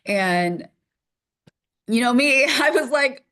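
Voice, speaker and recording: A woman in her thirties from Minnesota, a news reporter telling her story as a podcast guest, animated and laughing often. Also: high-pitched, slow pace. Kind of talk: casual interview storytelling.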